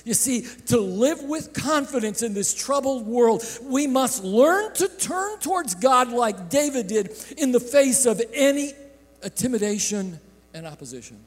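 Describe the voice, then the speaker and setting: A man preaching a sermon from a church sanctuary, swinging between bursts of shouting and hushed, drawn-out phrases. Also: very high voice, animated, faint music behind. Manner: impassioned preaching with sudden shouts and hushed drops; slow, drawn-out delivery. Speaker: pastor. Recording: echoey sanctuary with long reverb.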